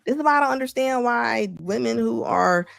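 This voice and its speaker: A woman's voice: on the high side, expressive, moderate pace, vocal fry, no room sound, studio quality, soft background music. A woman hosting a casual livestream commentary, chatty, reading viewer comments aloud and laughing often. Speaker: commentary channel host.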